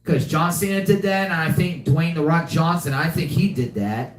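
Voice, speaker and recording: A man's voice: on the high side, lively intonation, moderate pace, roomy sound. A young man hosting a live podcast, chatting casually and often repeating himself. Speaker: podcast host. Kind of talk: casual live-stream chat.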